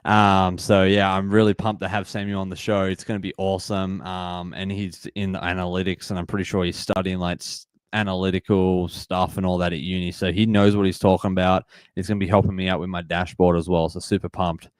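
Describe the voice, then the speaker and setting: A man in his twenties with an Australian accent, hosting a live sports watch-party stream and chatting excitedly while reading out and greeting viewers from the chat. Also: sits low, fairly quick, hardly any pauses, clear, resonant tone, no echo. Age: 20s. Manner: upbeat, reads and greets chat viewers, repeats phrases. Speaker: livestream host.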